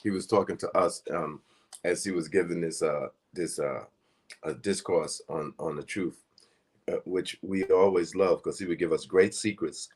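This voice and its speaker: A man with a very low voice gives a casual spiritual teaching. He talks in an earnest, conversational way that wanders from point to point. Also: steady tone, normal speed, darkish tone, husky.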